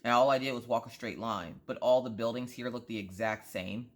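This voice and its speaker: A woman vlogger chatting casually, rambling through an animated story with frequent asides. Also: rumbling low, fairly quick. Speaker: crafting vlogger. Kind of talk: casual chat.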